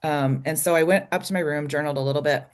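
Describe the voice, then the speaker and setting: Speaking quickly in a deep voice with fairly even intonation, an American woman guest shares a candid, emotional story in an interview. She's from a small Idaho logging community and often says um and restarts her sentences.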